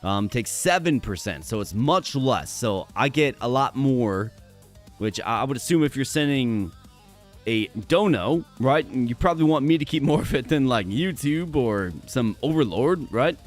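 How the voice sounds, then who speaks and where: A man with a hoarse voice, chatting energetically with viewers during a live stream. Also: mid-range voice, expressive, moderate pace, soft background music.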